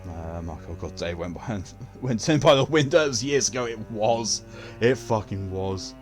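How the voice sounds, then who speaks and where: Speaking unhurriedly in a lowish, animated voice, a man hangs out with his stream audience while playing a game, soft music underneath. He kids around, swears openly and laughs often.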